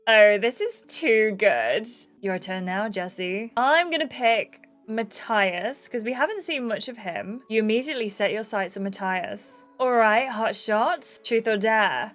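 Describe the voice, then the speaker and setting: A woman's voice: medium pitch, expressive, measured pace, few pauses, fairly bright tone. A young woman hosting a gaming channel, reading a story game aloud and adding chatty, amused asides.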